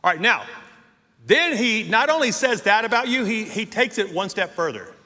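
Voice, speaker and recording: High, bright-voiced preacher in a reverberant hall. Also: male voice, expressive. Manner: emphatic preaching, drawn-out stressed words, rising to shouts. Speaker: pastor. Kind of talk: sermon. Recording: long hall reverb in a church.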